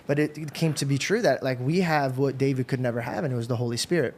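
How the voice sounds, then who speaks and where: Man, podcast host, earnest, rambling restarts, casual faith chat, mid-pitched voice. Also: fast, darkish tone, slight background noise.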